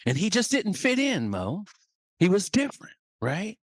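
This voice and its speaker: A man's voice: high-pitched, huge pitch swings, moderate pace, no room sound, studio quality. A man, a leadership coach, telling a dramatic story on a podcast.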